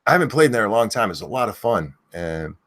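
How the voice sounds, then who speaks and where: A man's voice: fairly low pitch, sing-song, quick pace. Rambling, swearing livestream host man. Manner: yells viewers' names in bursts, then rambles and swears. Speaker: live stream host. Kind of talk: casual live-stream rant.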